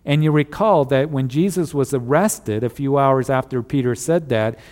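A man of middle pitch preaches a sermon, walking his listeners through scripture in an easy, storytelling way. His voice rings out with a long reverb, as in a church hall. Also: moderate pace, darkish tone. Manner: storytelling Bible teaching, conversational asides to listeners. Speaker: pastor.

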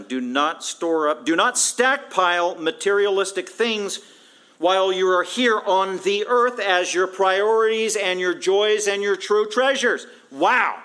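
A man's voice: on the high side, fairly bright tone. A middle-aged man preaching a sermon as a pastor, emphatic and conversational, piling up repeated phrases for stress. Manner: conversational, breaks into acted quotes.

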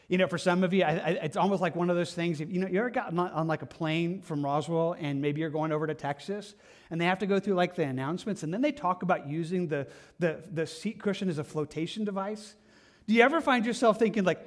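A man delivers a Sunday sermon in a high-pitched speaking voice. He talks like he is chatting with his listeners, earnest and informal, with plenty of "like" and repeated words. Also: lively intonation, a little fast. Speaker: pastor.

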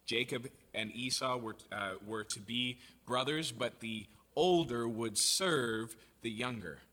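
A man giving an expository sermon, reading scripture aloud and explaining it in a conversational, animated way. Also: medium pitch, slow. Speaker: preacher.

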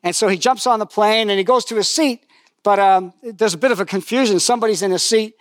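Older male preacher, high-pitched and chatty, dry close-miked sound, storytelling sermon with humor. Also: fast, dry recording. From lived in New Zealand for decades.

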